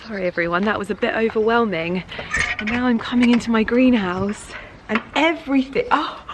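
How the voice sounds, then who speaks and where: A woman vlogging casually in her garden and greenhouse, gushing and excitable, gasping with delight. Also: mid-range voice, moderate pace, noisy background. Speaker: lifestyle vlogger. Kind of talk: casual vlog to camera.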